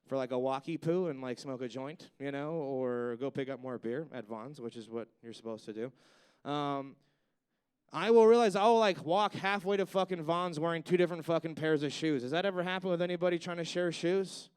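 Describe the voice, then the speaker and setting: A man's voice: a little high, moderate pace, clear, resonant tone. A man doing a stand-up comedy set on stage, rambling and swearing, with lots of "like" and "you know.".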